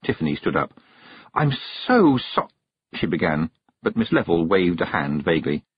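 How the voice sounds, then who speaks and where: A man narrating an audiobook in a measured storytelling manner. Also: sits low, a little hiss or hum. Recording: dull, dry narration recording.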